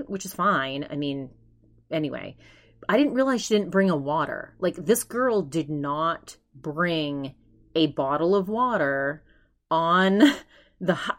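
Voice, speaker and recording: A woman with a slightly low-pitched voice hosts her own podcast. She tells a long personal story on her own, chatty and animated, starting over mid-sentence and acting out what she and others said. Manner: chatty and animated, with many restarts and acted-out quotes. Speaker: podcast host. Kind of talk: casual solo storytelling.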